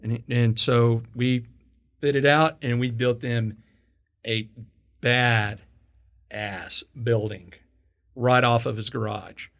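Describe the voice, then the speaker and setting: A man hosting an interview, telling stories in a casual, animated way, laughing and swearing as he goes. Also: medium pitch, slow pace, gravelly, pauses often. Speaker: podcast host.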